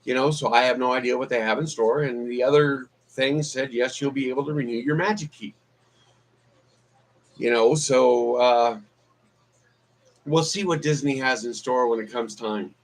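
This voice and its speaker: A man's voice: mid-range voice, normal speed, low-quality recording. A man chatting casually on a live stream as a vlogger, rambling with many fillers and restarts. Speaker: YouTube vlogger.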